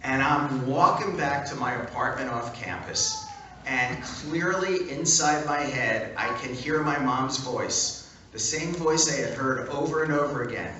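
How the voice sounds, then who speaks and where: A man speaking at a fan event, telling an animated, punchy anecdote to a crowd. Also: medium pitch, measured pace, muffled recording, a little hiss or hum. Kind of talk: storytelling talk. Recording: echoey hall from far off.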